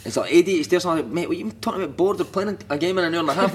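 A man's voice: a little high, animated, very fast. A Scottish man, a former footballer, telling stories in casual chat, swearing freely and laughing through them. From Scotland. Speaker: podcast guest, former footballer.

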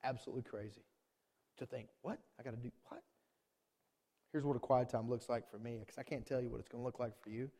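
A man preaching a sermon as pastor, animated, swinging between booming lines and hushed ones. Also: fast talker, long reverb tail.

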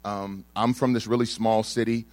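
A man's voice: fairly low pitch, level tone, moderate pace, a little mellow, dry recording. A young man from Texas giving a sermon, telling his own story in a casual, joking way with plenty of ums. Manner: conversational, humorous storytelling with frequent fillers. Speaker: speaker giving a testimony sermon.

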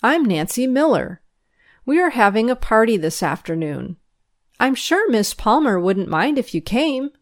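A sweet, polite first-grade girl from a children's story, as a woman reader voices her. She talks earnestly and eagerly in a raised, childlike pitch. Her delivery is unhurried and full of melody. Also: sing-song, dry recording, clean studio sound.

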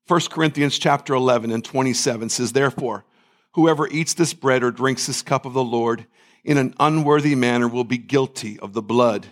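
A man pastor preaching a communion sermon, leading the congregation in repeated phrases and fervent prayer. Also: medium pitch. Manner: preaching with call-and-response and repetition, fervent prayer.

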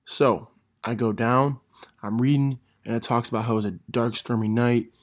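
A young man, a gym teacher, telling funny stories in a casual monologue, laughing through them and correcting himself as he goes. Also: mid-range voice. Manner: laughs through his stories, animated, quick self-corrections.

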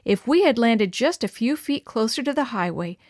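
A woman reading aloud, voicing a steady, capable mother who gives urgent orders. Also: on the high side, normal speed, no room sound, studio quality. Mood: relieved.

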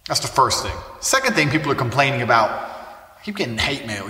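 A brash, boastful man rants to camera in a casual monologue, cursing constantly. His voice is bright and his pitch swings widely as he talks. The sound is distant and echoes around a room with a long tail of reverb. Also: sing-song, fairly quick. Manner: brash, boastful and heavily profane. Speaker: online personality. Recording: echoey room, mic far off.

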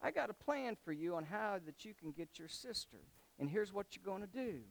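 A man's voice: sits high, animated, moderate pace, vocal fry. A man voicing a crafty young man who talks in casual slang while laying out a scheme. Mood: scheming.

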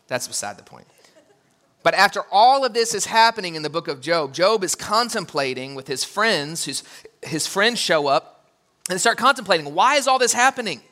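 A man preaching a sermon in an animated way, with joking asides and quoted voices he acts out. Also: sits high. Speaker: pastor.

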